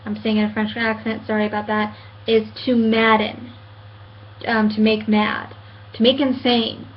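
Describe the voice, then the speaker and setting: A woman's voice: fairly high pitch, level tone, a little slow, slight background noise. Young woman ranting on a lo-fi webcam. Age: 20s. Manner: hesitant, many fillers and restarts, earnest. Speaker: vlogger. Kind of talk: casual rant to camera. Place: at home.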